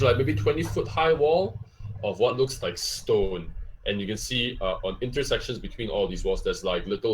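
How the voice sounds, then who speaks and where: A man narrates a tabletop game as game master in a lowish voice. He rambles and restarts his sentences, piling up fillers as he describes the scene. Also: slight background noise.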